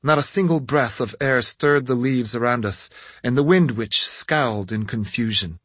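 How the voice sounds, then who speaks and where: Male audiobook narrator, husky, lively dramatic reading, dry close sound. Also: mid-range voice, moderate pace, no echo. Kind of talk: scripted first-person audiobook narration.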